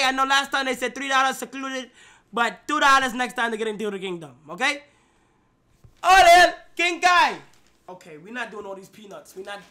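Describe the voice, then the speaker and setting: Loud, excitable young man livestreaming. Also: extremely high pitch. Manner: excitable, loud outbursts, profane. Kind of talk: casual livestream chat.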